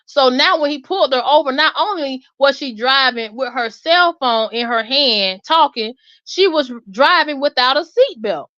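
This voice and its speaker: Woman, high voice, animated gossipy storytelling, dry muffled recording. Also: moderate pace, few pauses, dry recording. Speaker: host. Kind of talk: casual storytelling chat. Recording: dull lo-fi sound.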